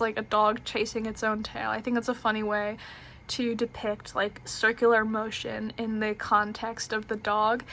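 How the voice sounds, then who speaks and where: A woman's voice: on the high side, a bit bright. A young woman casually reviewing a tarot deck, chatty and giggly, with lots of fillers and restarts.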